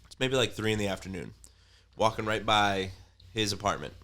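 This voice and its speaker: A man's voice: lowish voice, moderate pace, bright, forceful tone. A man co-hosting a podcast, telling a story in casual chat, swearing freely and acting out what others said. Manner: swears freely, acts out quoted voices. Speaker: podcast co-host.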